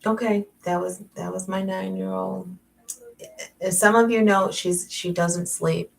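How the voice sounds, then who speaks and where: A woman's voice: mid-range voice, fairly even intonation, unhurried, gravelly, far from the mic, low-quality recording. A middle-aged woman coach chatting casually at home on a live stream, self-mocking and often laughing, then reading from her own book. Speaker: life coach and author. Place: at home at night.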